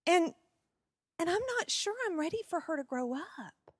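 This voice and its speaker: A woman in her forties telling personal stories at a parenting seminar, expressive and laughing often. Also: very high-pitched, normal speed, no echo, clean studio sound. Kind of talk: personal storytelling talk.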